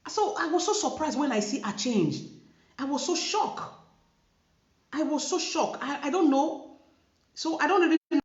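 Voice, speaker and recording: A woman with a Nigerian Pidgin-inflected English accent talks to camera in an emphatic, preachy way, repeating herself to drive each point home. Her pitch rises and falls a great deal. The room around her is echoey and the sound is dull and lo-fi. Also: expressive, normal speed, long pauses. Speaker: vlogger. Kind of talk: casual commentary to camera.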